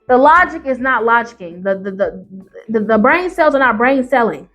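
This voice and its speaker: A woman's voice: a little high, expressive, normal speed, fairly bright tone, faint music behind. A woman YouTuber giving ranting reaction commentary on Reddit stories, profane and emphatic, firing off rhetorical questions.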